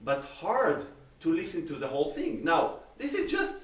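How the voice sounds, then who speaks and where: Cello teacher, male, Israeli accent, lively explainer, recorded off-mic in an echoey room. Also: a little high, moderate pace. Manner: animated, uses everyday comparisons and acted-out examples. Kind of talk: masterclass critique. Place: room on a video call. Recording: roomy sound, distant from the mic.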